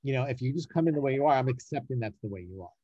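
A man, a casting director and writer, talking in a casual interview, animated and emphatic, often repeating words to stress a point. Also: medium pitch, rapid-fire, no echo, highs cut off.

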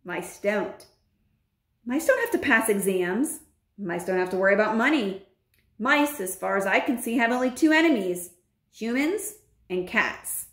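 A woman reads a children's novel aloud in an expressive, storybook way. Her voice sits at a middle pitch but moves a lot. The room gives it a noticeable echo. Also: measured pace. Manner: expressive, with lively intonation. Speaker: teacher reading a novel aloud. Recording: roomy echo.

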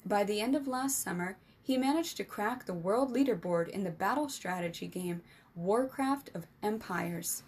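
A woman's voice: lively intonation, moderate pace, breathy edge. Woman reading a storybook aloud. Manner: voices boys' dialogue with higher, louder pitch. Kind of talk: scripted narration.

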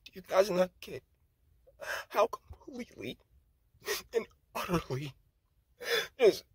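A man voicing a mocking impression of a male politician, airy and breathy, in a quavering, near-whispered, fake-tearful tone. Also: sits high, very animated, slow pace, no echo, voice pushed up, exaggerated voice. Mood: mock weeping.

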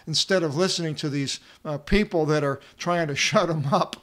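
Male Bible teacher and translator, fairly high voice, reads Greek then explains with plenty of "uh"s. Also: moderate pace, few pauses, a bit bright. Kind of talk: Bible study lesson.

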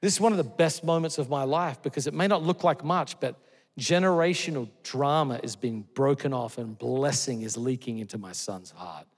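A middle-aged man preaches in a large church auditorium, and his voice rings out with a long hall reverb. He sits at an ordinary middle pitch for a man. He tells his stories earnestly, rising to loud exclamations and dropping to soft, tender lines. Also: moderate pace, husky. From Australia. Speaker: pastor. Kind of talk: sermon.

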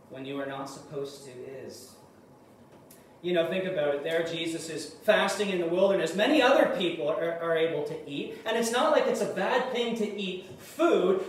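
A man with a fairly high voice preaches in earnest, pushing hard on key words and then dropping almost to a murmur. He is picked up from some distance in a very echoey room. A faint hiss sits under the sound. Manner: earnest preaching, swings between loud emphasis and hushed asides. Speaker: pastor. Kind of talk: sermon.

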